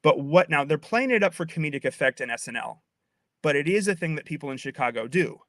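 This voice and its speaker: A man's voice: on the high side, animated, fast, a bit bright, dry recording, clean studio sound. A man, a linguist on a video call, patiently explaining speech sounds in a casual chat with playful asides. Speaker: linguist guest.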